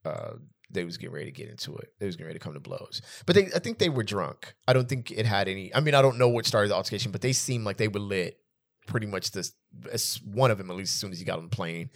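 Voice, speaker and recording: This fast-talking man, roughly in his thirties, has a fairly low, creaky voice. As a podcast co-host in a casual conversation, he spins funny travel anecdotes with animation and plenty of laughter.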